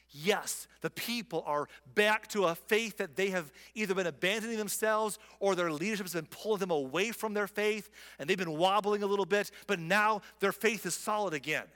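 Male pastor, high-pitched and lively, retelling scripture in a reverberant church hall. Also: normal speed. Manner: animated storytelling, voices quoted figures with rising pitch. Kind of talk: sermon.

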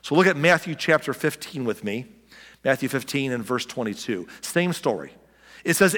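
A man's voice: medium pitch, animated, brisk, a bit bright, in a large hall. A man preaching a sermon as a pastor, talking in a conversational way, asking the listeners rhetorical questions and speaking to them directly.

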